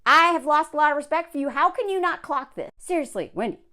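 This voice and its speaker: Woman vlogger, exasperated reaction commentary, high bright register, big lively swings. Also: fast talker. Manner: exasperated, sarcastic, talks straight to the column writer. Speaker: vlogger reacting to an advice column. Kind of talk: casual commentary reading aloud.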